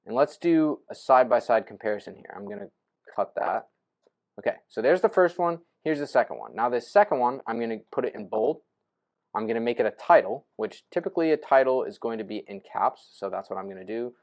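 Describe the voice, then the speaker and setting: This young adult guy is a real estate investing coach walking through how to write posts over a casual screen share. He's animated, talks a little fast, and has a slightly mellow feel, narrating his thoughts as he types and tossing in "right?" and "boom." between steps.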